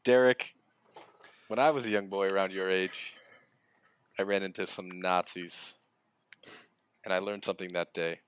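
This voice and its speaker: A man's voice: deep voice, fairly even intonation, normal speed, pauses often, clean tone, voice pushed down, lightly acted. A man putting on a rambling impression of an older male baseball manager giving a locker-room pep talk in a mangled French-Italian accent. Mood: hammy pep talk. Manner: hammy, rambling impression that keeps slipping. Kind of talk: comedic improvised bit on a podcast.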